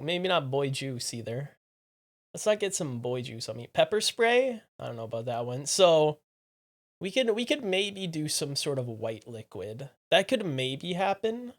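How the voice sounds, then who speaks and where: A streamer chatting live with viewers in a playful, teasing way. The voice sits in a middle range and keeps swinging from low mumbled asides to sudden loud exclamations. Phrases get repeated as quick remarks to chat. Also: lively intonation. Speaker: livestreamer.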